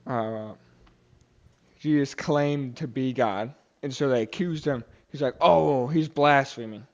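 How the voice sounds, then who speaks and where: A young podcast host with a middle-pitched, slightly mellow voice slowly retells scripture for a casual Bible study, with many fillers and restarted phrases. He acts out the characters' lines as he goes, and the recording sounds a little dull and lo-fi.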